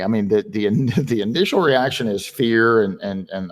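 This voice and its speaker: A man hosting a webinar in casual conversation, chatty and telling stories with lively quoted voices. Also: medium pitch, normal speed, hardly any pauses. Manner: chatty, tells anecdotes with animated quoted voices. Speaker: webinar host.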